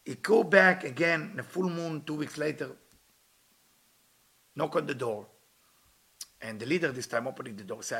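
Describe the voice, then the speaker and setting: A man's voice: a little high, normal speed, pauses often, fairly bright tone. A man giving a storytelling sermon as a spiritual teacher, earnest and at times impassioned, speaking English with non-native grammar. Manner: earnest, rising to impassioned pleas.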